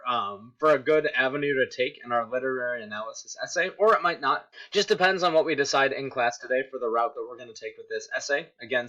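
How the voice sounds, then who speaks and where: A man's voice: medium pitch, bright, forceful tone. A male teacher giving a recorded literature lesson, explaining step by step and checking in with "right?". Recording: dull lo-fi recording.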